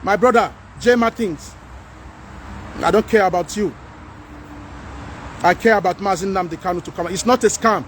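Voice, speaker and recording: A man with a Nigerian accent hosting a livestream, talking to viewers and reading their comments in an animated, pleading way. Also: high voice, normal speed, pauses often, slight background noise. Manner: animated, pleading, mixes in Pidgin. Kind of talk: casual livestream talk.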